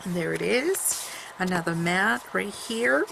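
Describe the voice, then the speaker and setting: A woman's voice: medium pitch, lively intonation, unhurried, creaky, noisy background. A woman casually showing off a handmade photo album at home. She rambles, restarts often, and fills gaps with fillers. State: coughing from allergies. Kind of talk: casual show-and-tell.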